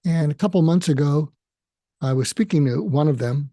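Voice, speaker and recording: A man's voice: a little high, dark tone, no echo, clean studio sound. A man hosting his own podcast, speaking in a reflective monologue that halts often with fillers and restarts. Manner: halting, with frequent fillers and restarts. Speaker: podcast host and therapist.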